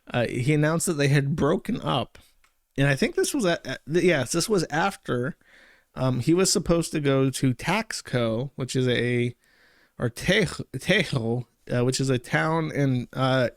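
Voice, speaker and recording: A man's voice: mid-range voice, dry recording. Rambling male commentary host, dry sound. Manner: rambling, halting with many fillers and self-corrections. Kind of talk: casual online commentary.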